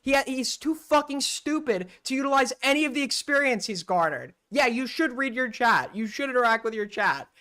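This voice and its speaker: A man's voice: very high voice, expressive, brisk, few pauses, bright, forceful tone. A man commenting on clips on his stream, blunt and mocking, with frequent swearing.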